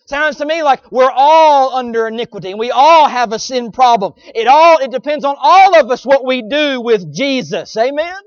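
A man's voice: extremely high pitch, lively intonation, moderate pace, hardly any pauses, no room sound. A man preaching a sermon in a folksy, emphatic style, with sarcastic asides to his congregation, on a dull lo-fi recording.

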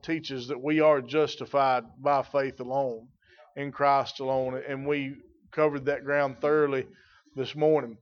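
A man preaching in a measured, deliberate way, leaning hard on his key statements and pausing with "uh" between thoughts. His voice sits a little high for a man. The recording is dull and lo-fi. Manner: measured preaching with drawn-out emphatic stretches and frequent "uh" fillers. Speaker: pastor. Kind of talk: evening sermon.

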